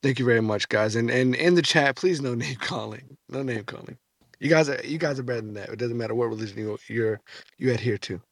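Gravelly husky host, man. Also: mid-range voice, brisk, dry recording, clean studio sound. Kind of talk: casual talk show hosting.

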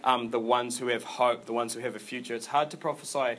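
Male preacher, mid-pitched, loose and chatty, lots of ums and restarts, faint room hum. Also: steady tone, fairly quick, a bit bright. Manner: informal, rambling delivery with many fillers and restarts. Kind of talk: conversational sermon.

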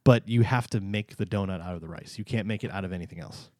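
A man's voice: low-pitched, fast talker, dark tone, no room sound, studio quality. A man co-hosting a casual food preview chat, playful and teasing as he reads out menu items. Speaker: co-host.

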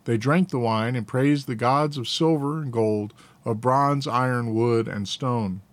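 A man reading scripture aloud in a steady, plain way, now and then correcting a slipped word. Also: mid-range voice, measured pace. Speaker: scripture reader.

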